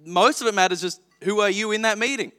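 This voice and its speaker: A pastor in his thirties preaches with a high, bright, forceful voice. He tells stories in a lively, frank way and pokes fun at himself. His words ring out with the long reverb of a church hall. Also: fast, soft background music. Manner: lively storytelling, frank and self-deprecating. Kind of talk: sermon. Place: church auditorium.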